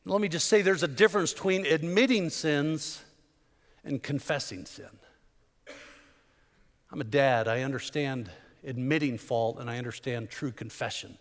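In a church sanctuary, a male pastor preaches a fervent sermon, hammering his points home with repeated rhetorical questions. His voice is medium-pitched at a normal speed, and he pauses often. The recording carries long hall reverb.

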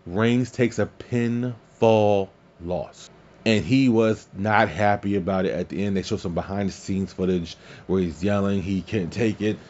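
Podcast host, male, lowish voice, excitable casual recap, dull lo-fi sound. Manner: excitable, swears freely, laughs at own slips. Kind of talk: casual wrestling recap and commentary.

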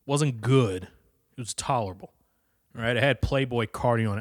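A man's voice: mid-range voice, normal speed, dry recording, studio quality. A man in a heated, profane casual rant, repeating himself and swearing often as he gives his opinions. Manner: profane, heated, repetitive ranting.

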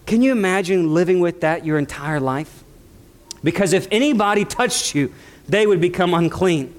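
A man preaching a sermon, building passion through repeated phrases and slowing down for quoted lines. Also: high voice. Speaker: pastor.

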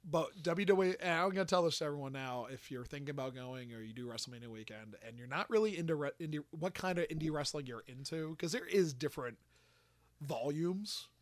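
A man casually telling a story on a podcast, animated and swearing, acting out quotes. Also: fairly high pitch, no room sound.

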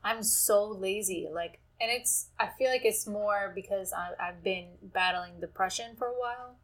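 A woman in casual conversation who speaks bluntly and frankly. She swears freely as she talks, and her delivery stays relaxed and conversational. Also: mid-range voice, moderate pace. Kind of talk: casual chat.

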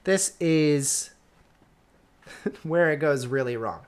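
A woman with a somewhat low voice chats casually on a podcast. She recaps a story with sardonic exasperation and lands her complaints through emphatic repetition. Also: expressive, very slow, darkish tone, clean tone. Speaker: podcast co-host reviewing a book. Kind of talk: casual chat.

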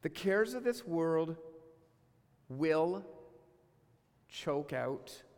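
Animated male pastor with a high voice, preaching in a church hall with long reverb. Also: very slow. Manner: animated, acts out voices of God and listeners. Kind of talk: sermon. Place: church sanctuary.

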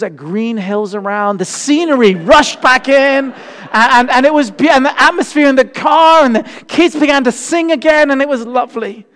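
High-voiced preacher in a hall. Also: male voice. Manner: animated storytelling, acting out voices. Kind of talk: sermon with personal story. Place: church.

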